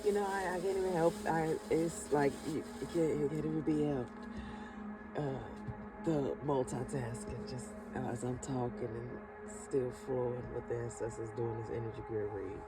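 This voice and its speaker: A spiritual reader and channel host with a rumbling low voice keeps a steady tone and moderate pace through her energy reading and affirmations. She elongates her words, calls the listener "baby," and chuckles over music, though the audio is poor.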